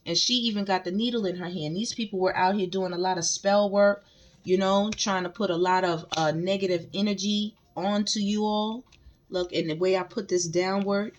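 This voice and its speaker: A woman giving a casual spiritual tarot reading, speaking emphatically to her viewers and often repeating phrases. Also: fairly low pitch. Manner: emphatic, repeats phrases, addresses the collective directly. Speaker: tarot reader.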